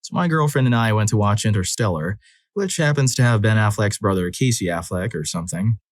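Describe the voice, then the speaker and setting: A man's voice: lowish voice, lively intonation, brisk, dry recording, studio quality. A man reading out relationship stories as a narrator, lifting his voice for the quoted lines. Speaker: story narrator. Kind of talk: scripted narration of reader-submitted stories.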